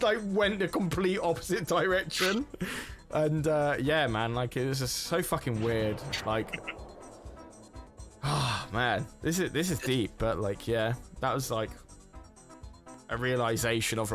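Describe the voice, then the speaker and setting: A man's voice: mid-range voice, unhurried, fairly bright tone, faint music behind. A young man streaming a racing game, chatting casually in a rambling, sweary way, often stopping and restarting his sentences. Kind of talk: casual chat while gaming.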